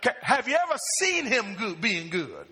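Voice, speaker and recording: A male pastor preaches in a church sanctuary and keeps calling on the congregation to answer him. His voice is bright and sharp. A long reverb trails behind his words in the hall. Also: sits high, big pitch swings, moderate pace. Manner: asks the congregation questions and calls for answers. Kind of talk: call-and-response sermon.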